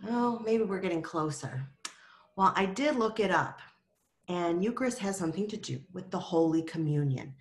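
Gentle, lower-voiced Sunday school teacher. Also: female voice, lively intonation, moderate pace. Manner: gentle, asks children questions. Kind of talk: Bible story lesson for children.

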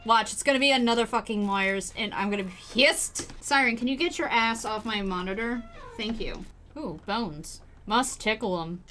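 A woman streaming a game from home, excitable, swearing and laughing as she plays. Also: a little high, normal speed, a little hiss or hum. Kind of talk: live game commentary.

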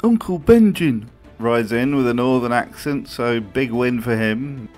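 A man's voice: mid-range voice, animated, a little slow, a little mellow, faint music behind. A man giving comedic commentary in a video essay, full of dry, sardonic asides.

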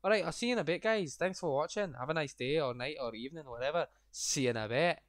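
A young man streaming a game, swearing constantly and breaking into shouted rants. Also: a little high, quick pace, no room sound, clean studio sound. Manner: foul-mouthed, ranting, erupts into shouting. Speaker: gaming streamer. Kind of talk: casual gameplay commentary.

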